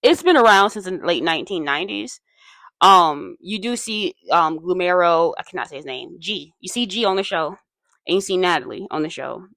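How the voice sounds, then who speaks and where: A woman's voice: lowish voice, fairly bright tone, dry recording. A woman hosting a casual commentary video essay, chatty and digressive with many asides, her voice a little tired and strained. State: voice tiring and strained.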